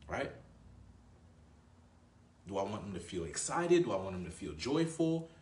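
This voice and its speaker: A man's voice: medium pitch, big pitch swings, moderate pace, long pauses, darkish tone, distant mic, a little hiss or hum. A man talking as a dating coach in a casual advice monologue, conversational and slangy, often tagging his points with "right?". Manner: conversational, frequent "right?" tag questions; slangy, addresses viewer as bro. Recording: roomy, voice away from mic.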